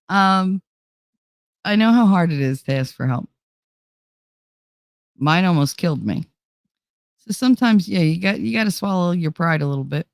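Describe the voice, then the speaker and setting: A woman's voice: on the low side, vocal fry, dry recording, clean studio sound. Blunt, swearing woman livestream host. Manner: blunt and profane, reading chat aloud. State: tired, running on fumes. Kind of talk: casual livestream chat.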